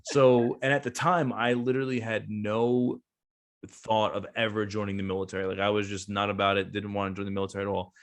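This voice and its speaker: A man's voice: lowish voice, little pitch movement, a little fast. A man around thirty, a veteran business owner, telling a long casual story as a guest, with lots of fillers and restarts. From New Jersey.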